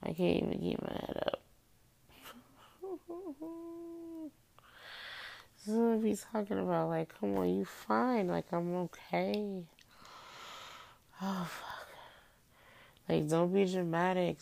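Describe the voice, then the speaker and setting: A woman's voice: fairly low pitch, slow, creaky, long pauses, a little mellow, no room sound. A woman vlogging while sick and drowsy from cold medicine, slurring and rambling as she talks herself through it in a small room. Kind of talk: casual monologue to camera.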